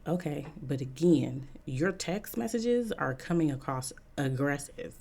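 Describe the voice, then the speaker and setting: A woman's voice: sits low, animated, a little slow, gravelly, darkish tone. A woman giving a casual opinion monologue as a vlogger, frank and chatty with many "um" fillers and repeated points for emphasis.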